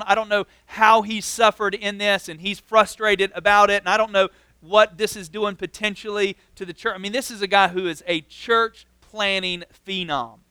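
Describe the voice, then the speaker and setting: High, bright-voiced man preaching casually. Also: clear, resonant tone, dry recording. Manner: casual, constantly says "like". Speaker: pastor. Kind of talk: conversational sermon.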